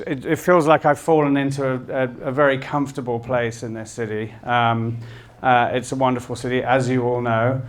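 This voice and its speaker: Modest man opening a lecture haltingly. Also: medium pitch, clean tone. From Kenya. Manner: hesitant, many restarts, modest. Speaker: guest speaker, wildlife artist.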